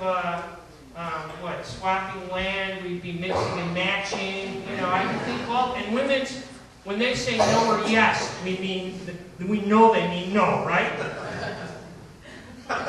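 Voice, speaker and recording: Chicago guy doing standup, high-ish voice, super echoey hall, mic far off, loud noise and laughs behind. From United States. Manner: quick punchy joke delivery with asides. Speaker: stand-up comedian. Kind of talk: stand-up comedy routine. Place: synagogue hall with live audience. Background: audience laughter.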